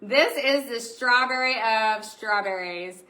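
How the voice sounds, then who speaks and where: Brief: excitable woman craft-shop host on a live stream, bright and a bit high. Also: slow, poor audio. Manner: bubbly, excitable, chatty with viewers. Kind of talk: live stream product showing.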